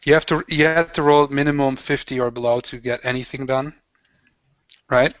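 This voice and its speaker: A man's voice: mid-range voice, steady tone, moderate pace, a bit bright, clear, resonant tone, no room sound. A man narrating as game master in a tabletop game, describing gory outcomes and laughing along. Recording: dull lo-fi dry recording.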